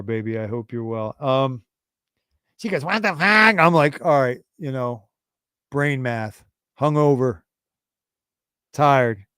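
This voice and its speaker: A man in his forties hosting a livestream, telling a rambling, profane story in a casual, animated way. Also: medium pitch, clear, resonant tone, no echo, studio quality. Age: 40s. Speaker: livestream host.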